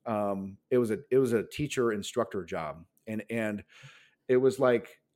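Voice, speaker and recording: A man of around forty, a pastor, talks through his story in an informal interview with a slightly mellow voice that sits on the low side. He speaks at a measured pace but rambles earnestly, filling his talk with "like" and other filler words.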